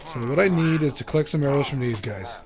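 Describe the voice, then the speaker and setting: A young man giving casual gameplay commentary, talking quickly and nervously to himself as he plays. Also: a little high, lively intonation, noisy background. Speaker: gaming YouTuber.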